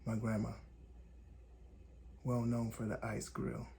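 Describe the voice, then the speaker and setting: A man from Indiana hosting a podcast, telling a personal story in calm, deliberate, short measured phrases. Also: mid-range voice, a little hiss or hum. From Gary, Indiana, USA. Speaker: podcast host. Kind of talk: reflective personal storytelling monologue.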